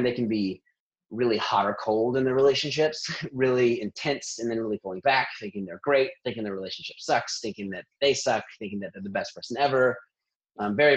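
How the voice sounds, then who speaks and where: A man working as a therapist, talking in a lively conversational interview and laughing often between thoughts. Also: on the low side, husky, rough recording.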